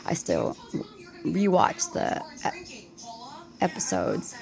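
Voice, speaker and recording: A woman talking to her camera at home in a rambling late-night vlog, tired and anxious, halting and restarting often with many fillers. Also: lowish voice, wildly swooping pitch, vocal fry, a crowd in the background, poor audio. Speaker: vlogger.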